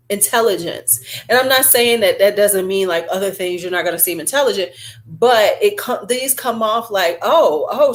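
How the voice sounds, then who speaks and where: A woman talks through her perfume and lipstick collection in a loose, chatty vlog. Her voice sits at a middle pitch, and she rambles with fillers and side comments. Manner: chatty and animated, drawn-out fillers. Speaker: beauty vlogger. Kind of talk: casual beauty review chat.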